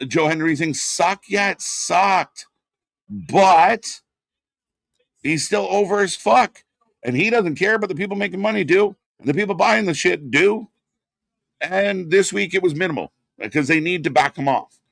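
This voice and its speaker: On a live wrestling watch-along stream, a male host with a fairly high, creaky, slightly bright voice talks at a normal speed, recorded dry and at studio quality. He chats casually and bluntly, swearing plenty as he reads chat aloud and answers it.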